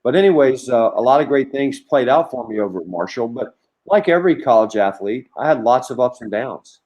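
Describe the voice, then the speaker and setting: Middle-aged man, podcast guest, rambling animated stories, mid-pitched voice. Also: brisk, dull audio. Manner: rambling, animated anecdotes with many restarts. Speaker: podcast guest, former college coach. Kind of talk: storytelling in a conversation.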